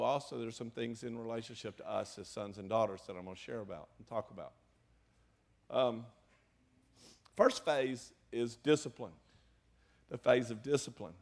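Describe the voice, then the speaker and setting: An older man preaching a sermon in earnest, moving between loud emphasis and hushed, emotional asides. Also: medium pitch, gravelly. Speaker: pastor.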